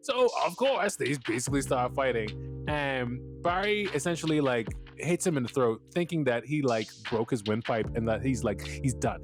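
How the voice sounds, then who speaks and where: A man hosting a podcast, recapping a TV episode in a loose, rambling way, full of fillers, swearing and frequent laughter. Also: mid-range voice. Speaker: podcast host.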